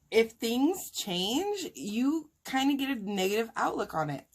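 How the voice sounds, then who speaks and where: A woman's voice: fairly high pitch, big pitch swings, a little slow, few pauses, a bit bright. A woman talking casually and heartfelt to her viewers while eating, emotional and sighing at times. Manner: talks with food in her mouth. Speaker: mukbang vlogger.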